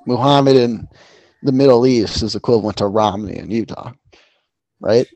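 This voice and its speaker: A man's voice: mid-range voice, normal speed, darkish tone, no echo. Loose, profane man talking sports. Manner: loose, profane, rambling with fillers. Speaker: podcast co-host. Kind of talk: casual sports betting chat.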